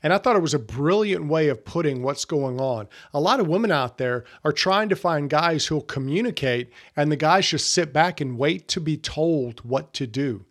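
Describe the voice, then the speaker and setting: Earnest man with a fairly high voice. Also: animated, normal speed, hardly any pauses, a bit bright. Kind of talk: scripted teaching monologue.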